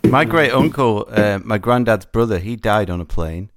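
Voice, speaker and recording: Deep-voiced man, blunt and jokey. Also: animated, normal speed, background noise. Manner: blunt, jokey, swears freely. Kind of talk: casual chat.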